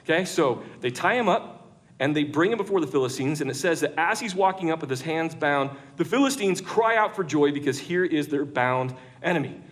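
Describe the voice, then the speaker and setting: A man preaching a lively storytelling sermon to an audience in a large church room, jokey and conversational. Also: fairly high pitch, fairly quick.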